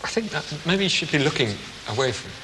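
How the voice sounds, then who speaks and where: A male director coaches an actor at rehearsal, coaxing and feeling for words as he talks. The room is roomy and echoey, with a long tail to the sound and clear noise behind it. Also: fairly high pitch, very animated, fast talker. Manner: coaxing, fumbling, fond of images. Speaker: stage director. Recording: roomy, noisy rehearsal hall.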